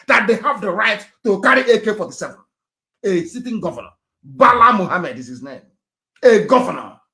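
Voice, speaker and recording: A man speaks in a high register for a man, delivering a fiery political broadcast. He repeats himself for emphasis and fires off rhetorical questions. His volume swings from near-shouting down to low muttering. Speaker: activist leader giving a live broadcast.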